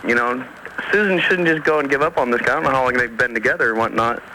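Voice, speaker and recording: A man's voice: medium pitch, fast, pushed and bright, a little hiss or hum, rough recording. A man calling in to a radio show, talking in a laid-back, offhand way. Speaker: caller. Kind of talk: casual phone-in chat.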